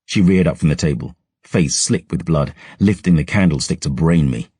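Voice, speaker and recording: A man narrating a dark fantasy audiobook in a measured, brooding storytelling manner, close to a studio mic. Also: very deep voice, husky, no room sound.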